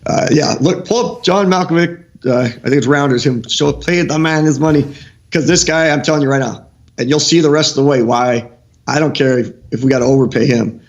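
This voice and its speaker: Animated coach, fairly high voice. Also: male voice, brisk, lo-fi sound. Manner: animated, excitable, restarts often. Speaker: football coach, guest analyst. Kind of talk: film breakdown on a live stream show.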